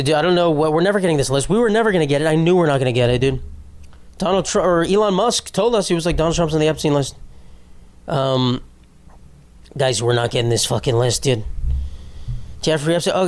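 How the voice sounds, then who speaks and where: A young man hosting his own comedy podcast, ranting in a profane, rambling and self-mocking way. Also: fairly high pitch. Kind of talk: solo comedic podcast rant.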